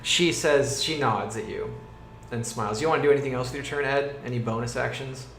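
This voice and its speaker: A man running a tabletop game over a voice call as game master, narrating in an animated, goofy way with frequent exclamations. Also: medium pitch, a little fast, echoey room, slight background noise.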